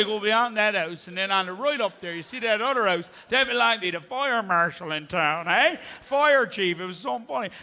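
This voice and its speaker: A man's voice: high-pitched, bright, forceful tone, full character voice. A man playing a chatty, profane older Newfoundland man giving rambling directions, with a Newfoundland accent. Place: theatre stage.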